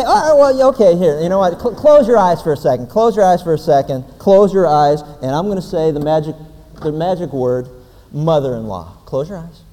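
A man preaching a sermon in a church with folksy jokes, talking straight to his congregation. His voice sits fairly high but sounds mellow. A long reverb fills the big room. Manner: folksy, joking, addresses the congregation directly. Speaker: pastor. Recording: long reverb of a large hall.

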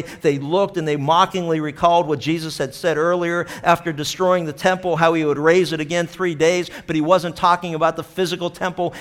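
A man with a slightly raised pitch delivers a sermon with fervor. He swings between loud, acted-out quotes and quiet, earnest appeals. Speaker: pastor.

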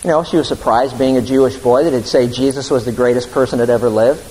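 A man's voice: mid-range voice, fairly even intonation, quick pace, a little mellow, long reverb tail, low-quality recording. A man preaching a sermon, telling a story with voiced quotes in an earnest manner.

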